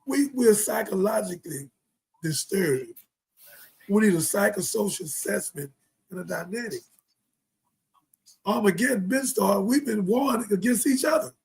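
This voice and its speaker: A middle-aged man hosting a live show, delivering a preachy, impassioned monologue full of scripture and rhetorical questions, swinging from loud outbursts to low mutters. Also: expressive, normal speed, creaky, long pauses, slightly rough, poor audio. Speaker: host of a live talk show.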